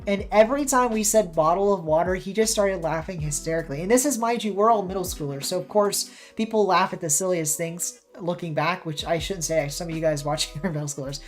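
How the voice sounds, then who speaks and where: A woman's voice: lowish voice, brisk, few pauses, faint music behind. Chatty American woman streaming a game. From United States. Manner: chatty, reacting to gameplay and chat. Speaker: streamer and caster. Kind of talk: casual live-stream chat while playing.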